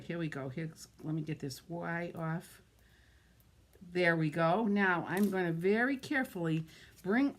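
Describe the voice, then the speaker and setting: Chatty Massachusetts woman hosting a crafting stream. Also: medium pitch. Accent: Boston-area Massachusetts. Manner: chatty, greets viewers by name, thinks aloud while working. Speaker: card-making livestream host. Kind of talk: casual live crafting demo.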